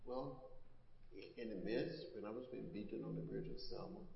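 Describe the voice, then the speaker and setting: A man in his seventies, a congressman, answering questions on stage in slow, earnest, measured stories. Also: on the low side, huge pitch swings, vocal fry. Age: 70s. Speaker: congressman and guest. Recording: dull, echoey hall.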